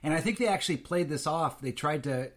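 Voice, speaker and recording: A man co-hosting a casual chat about a TV series, relaxed and hesitant with many fillers. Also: fairly high pitch, fairly quick. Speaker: podcast co-host.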